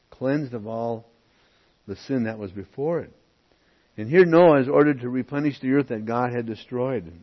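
Reading Bible verses aloud, a man stops now and then to explain them with asides as he teaches a lesson. He has a husky, mid-range voice, and the recording is muffled and lo-fi.

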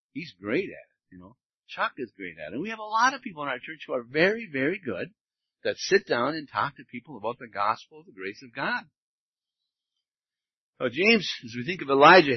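A man's voice: medium pitch, slightly rough, dry recording, muffled recording. A man preaching a sermon as pastor, earnest and conversational, reading scripture aloud.

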